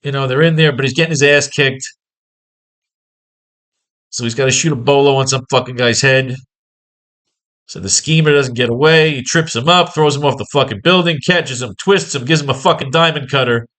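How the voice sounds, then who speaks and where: A man's voice: mid-range voice, normal speed, fairly bright tone. A man teaching comic book writing in a casual online lesson, talking in a profane, rambling, exasperated way.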